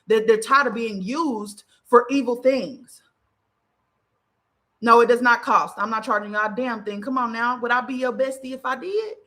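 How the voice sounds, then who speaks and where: A woman hosts a casual spiritual livestream. Her voice is bright and sharp, and she speaks emphatically, repeats her points and checks in with her listeners again and again. She is blunt and swears freely as she addresses them directly. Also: a little high, normal speed. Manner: emphatic and repetitive, often asking "okay?"; profane and blunt. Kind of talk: casual livestream talk to followers.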